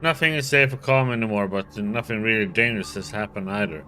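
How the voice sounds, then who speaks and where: A weary worker gives blunt, offhand answers, as a man voices him. His tone is bright and plain, with faint music under it. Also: lowish voice, quick pace.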